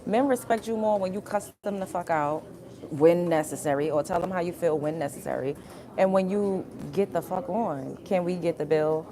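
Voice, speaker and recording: A woman's voice: medium pitch, darkish tone. A young woman hosting a livestream, talking bluntly and profanely straight to her viewers in a repetitive, emphatic rant. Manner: repetitive, addresses viewers directly. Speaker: livestream host.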